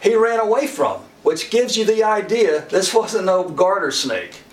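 A man's voice: sits high, sing-song, a little slow. A middle-aged man preaching a sermon in a folksy, humorous way, chuckling often and acting out the characters he quotes. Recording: echoey room from far off with faint noise.

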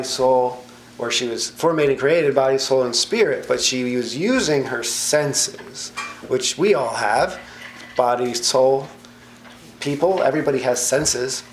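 A man's voice: mid-range voice, slight background noise. A man leading a sermon-style Bible study, emphatic and quizzing his listeners with questions, in an echoey room. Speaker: Bible teacher.

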